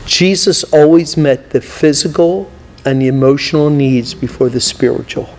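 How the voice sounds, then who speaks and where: Male evangelist, higher-pitched, lively preacher who voices both sides of his stories, recorded in a reverberant hall. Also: normal speed. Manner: animated, acts out both sides of conversations. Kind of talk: sermon storytelling. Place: church hall. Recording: long church hall reverb.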